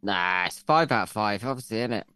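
A man's voice: lowish voice, expressive, a little fast, pushed and bright, clear, resonant tone, no echo, studio quality. A man co-hosting a podcast, bantering and swearing freely with jokey asides. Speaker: podcast co-host. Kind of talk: casual chat.

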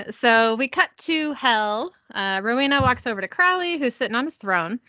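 A woman's voice: fairly high pitch, lively intonation, normal speed, sharp tone, dull audio. A woman recapping an episode casually, reading out dialogue in a chatty, giggly, self-deprecating way.

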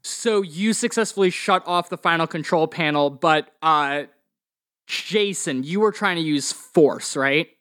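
A man's voice: fairly high pitch, unhurried, a bit bright, smooth. A man running a tabletop game as game master, explaining rules patiently and narrating scenes.

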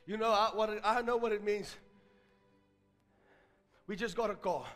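Brief: South African man preaching, storytelling sermon, strong high pitch, echoing hall. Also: normal speed, soft background music. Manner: storytelling, builds to loud emphatic preaching.

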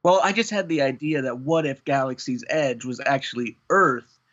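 A man muses aloud in a relaxed podcast chat, trailing off and laughing at himself. His voice is medium in pitch. The audio sounds dull and lo-fi. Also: moderate pace. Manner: rambling, self-deprecating, laughs. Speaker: podcast guest. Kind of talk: casual chat.

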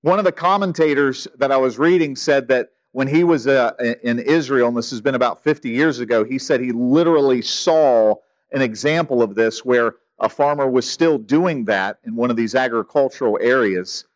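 A man preaching an expository sermon in a conversational, emphatic way, with sudden loud quoted commands. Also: medium pitch, moderate pace, hardly any pauses, muffled recording. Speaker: pastor.

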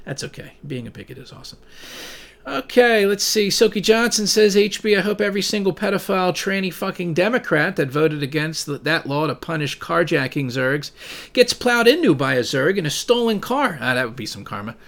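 Man, casual monologue, profane, rambling, bursts of loud ranting, fairly high-pitched. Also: big pitch swings, brisk, creaky. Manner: rambling, swears often, bursts into loud rants. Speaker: streamer reading viewer messages.

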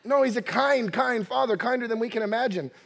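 Man, 30s, high-pitched pastor, animated sermon delivery, mimics voices and laughs. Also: fairly quick, vocal fry. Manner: animated, acts out quoted voices, laughs often. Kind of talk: energetic sermon.

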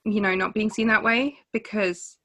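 A woman co-hosting a podcast, chatting in a relaxed, rambling way and laughing often. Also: medium pitch, normal speed. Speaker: podcast co-host. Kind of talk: casual book discussion.

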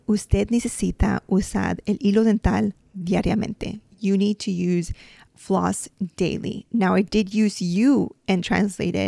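In clean studio sound with no echo, a woman's medium-pitched voice comes across gravelly and dark. She is a dental hygienist of Mexican family, raised in the United States, patiently teaching dental Spanish with examples on a casual podcast and using lots of "um"s and "like"s.

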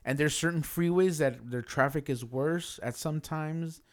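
A man's voice: fairly high pitch, unhurried. A man, chatting casually and rambling with friends, joking around. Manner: relaxed, rambling, jokey. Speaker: friend in chat. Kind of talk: casual chat.

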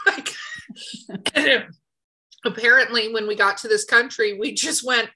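A woman from the United States co-hosting a podcast, chatting casually and telling stories in an animated, expressive way. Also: fairly high pitch, unhurried, pauses often, low-quality recording. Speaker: podcast co-host. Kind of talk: casual chat.

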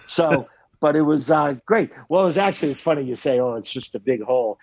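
Husky guy rambling and cussing about his trip, dry dull call audio. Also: fairly high pitch, expressive, fairly quick, dry recording. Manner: rambling, profane, many restarts and fillers. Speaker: traveler recounting a trip. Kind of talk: casual chat.

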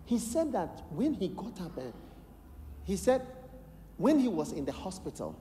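A man with a Ghanaian English accent preaching a sermon, telling a story with lively acted-out voices and bursts of shouted prayer. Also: sits high, unhurried, slight background noise. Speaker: bishop preaching. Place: large church hall. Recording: echoey large hall, live sermon.

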